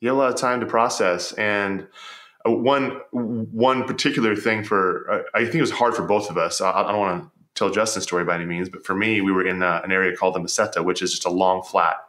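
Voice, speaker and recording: A man's voice: on the low side, fairly even intonation, a little fast, a bit bright, roomy sound. A man telling stories as a podcast guest, earnest and reflective, often repeating words as he starts a thought. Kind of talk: storytelling in conversation.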